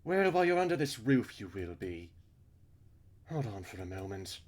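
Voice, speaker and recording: A man's voice: fairly low pitch, expressive, moderate pace, voice pushed up, close to an everyday voice. A man voicing a stern, bossy older woman with a British accent, scolding and giving orders. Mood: commanding. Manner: scolding, commanding.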